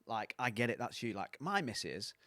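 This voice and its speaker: A man's voice: medium pitch, very animated, moderate pace, pushed and bright, dry recording. A man, a coaching mentor, giving blunt, sweary, sarcastic advice as a guest on a casual podcast.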